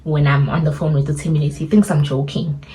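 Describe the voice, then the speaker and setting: A young woman with a South African accent tells a story in a casual, animated way, switching between English and Zulu and acting out what people said. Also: deep voice, moderate pace. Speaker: storyteller vlogger.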